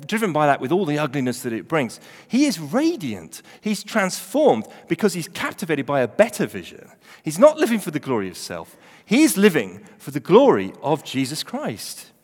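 A middle-aged man preaching a sermon, animated, swinging from loud emphasis to hushed, quiet readings. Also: fairly high pitch. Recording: reverberant hall.

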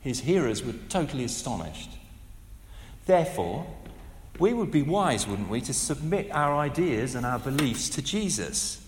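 A man in his fifties preaching a sermon, conversational and animated, with asides and rhetorical questions. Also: mid-range voice, a little slow. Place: large church hall. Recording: echoey hall with long reverb.

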